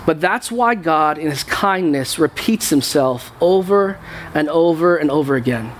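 A man's voice: on the high side, lively intonation, a little slow, slight background noise. A man preaching a sermon to his church in a conversational way, often repeating words as he goes. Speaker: pastor. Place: church sanctuary.

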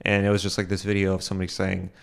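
A man's voice: sits low, completely flat delivery, racing, gravelly, clean tone. Rambling young man hosting a solo podcast. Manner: rambling, full of fillers and asides; self-deprecating, chuckles often. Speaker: podcast host.

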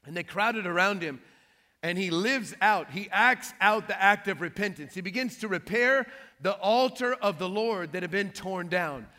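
A man preaching a sermon, telling a Bible story with lively, joking asides. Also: high-pitched, normal speed, in a large hall. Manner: lively storytelling with playful trash-talk asides. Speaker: pastor.

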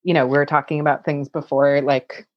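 Woman, low voice, chatty with many "like" fillers, dry dull lo-fi sound. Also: flat delivery, brisk, no echo. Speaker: cookbook author. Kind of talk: live audience Q&A chat.

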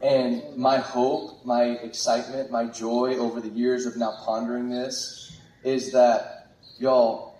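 A man preaching a sermon with exuberant, animated delivery. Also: medium pitch, slow, a little hiss or hum. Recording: echoey room from far off.

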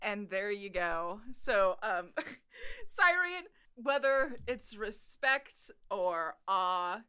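A woman's voice: medium pitch, animated, very slow, pushed and bright, clean tone. A woman running a tabletop game as game master, casual, swearing freely and laughing often.

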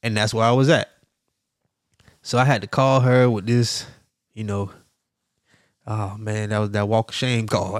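A middle-aged man hosting a podcast who tells a story in an animated way, laughing often and acting out the sounds. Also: lowish voice, unhurried, long pauses, no room sound, clean studio sound. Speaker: podcast host.

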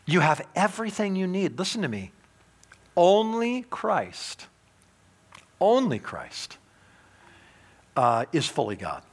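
Pastor guy preaching, slightly high voice, gets loud then drops real quiet. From United States. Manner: emphatic preaching, swings from loud to hushed. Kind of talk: sermon.

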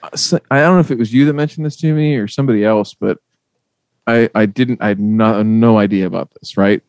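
A man hosting a podcast, telling stories in a casual, profane, animated way. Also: lowish voice, fairly quick, no room sound. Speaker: podcast host. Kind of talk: casual chat.

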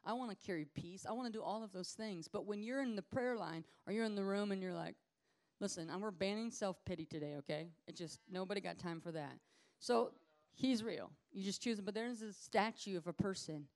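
A woman ministry leader giving an informal teaching sermon in a lively, conversational way, acting out the people she talks about. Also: medium pitch, brisk. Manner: lively conversational preaching, acts out quoted people.

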